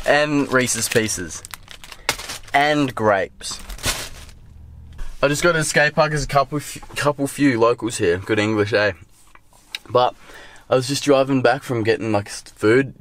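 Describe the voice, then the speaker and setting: Chill young aussie bloke, lowish voice, swears a lot, rambling vlog chat, bit of hiss behind. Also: male voice. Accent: Australian. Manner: laid-back, swears freely, rambling. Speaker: vlogger and scooter rider. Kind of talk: casual vlog talk. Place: home and outdoor skate park.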